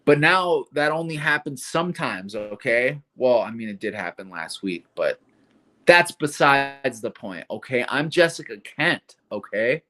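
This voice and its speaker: A man's voice: medium pitch, lively intonation, unhurried, pushed and bright. Mock impression: a defensive, boastful woman, former heavy drinker, as a man sends her up, voice swinging up and down. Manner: mocking, defensive, insists "okay?".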